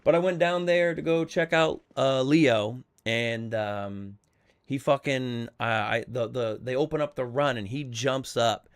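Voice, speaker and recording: A man's voice: mid-range voice, steady tone, unhurried, clean tone. A man streaming a game, telling a story in casual chat, rambling and swearing freely as he repeats himself. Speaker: streamer hosting a game server.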